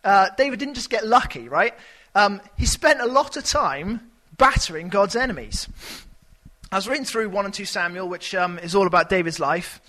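A man preaches in a relaxed, conversational way, turning animated whenever he acts out a scene. His voice sits high for a man, bright and forward. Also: moderate pace, low-quality recording. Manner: conversational and animated, with sudden shouted character voices. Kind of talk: sermon.

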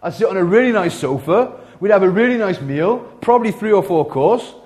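Animated preacher, man. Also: high-pitched, fairly quick. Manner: conversational, animated preaching with big swings in loudness. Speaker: pastor. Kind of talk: sermon. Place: church.

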